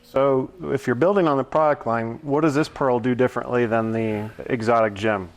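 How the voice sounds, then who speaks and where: A man's voice: medium pitch, steady tone, normal speed. Joking man hosting a chat show. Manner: joking, teasing. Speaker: podcast host. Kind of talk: casual chat.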